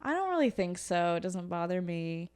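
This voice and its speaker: A woman's voice: on the low side, sing-song, moderate pace, darkish tone, clean tone. Young woman co-host, dry humor, casual storytelling. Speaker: podcast co-host. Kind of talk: casual chat.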